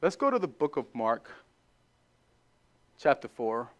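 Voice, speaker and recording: A male pastor preaching a sermon in an animated way, acting out short dialogues and repeating phrases for emphasis. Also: medium pitch, takes it slowly, pauses often. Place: church.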